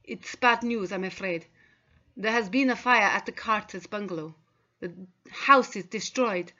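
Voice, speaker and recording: A woman voicing a countess who gently breaks bad news in an audiobook. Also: mid-range voice, a little slow, lo-fi sound. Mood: gentle concern.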